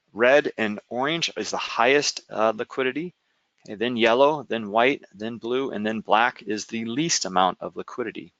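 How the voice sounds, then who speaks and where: Man with a gravelly voice, many "okay?"s. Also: medium pitch, fairly bright tone, no room sound, highs cut off. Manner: explanatory, frequent "okay?" check-ins and filler "uh". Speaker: trading software instructor. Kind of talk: screen-share software walkthrough.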